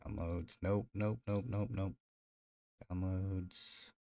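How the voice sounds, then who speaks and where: A man's voice: deep voice, little pitch movement, slow pace, darkish tone, a little hiss or hum. A man streaming live, chatting casually in a rambling, profane way full of fillers. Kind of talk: casual livestream chat.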